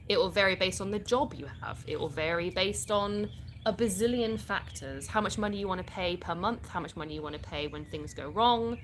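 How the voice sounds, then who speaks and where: A woman's voice: medium pitch, a bit bright, a little hiss or hum. A British woman from the UK hosting a casual live stream, answering viewer comments in a chatty way and laughing often.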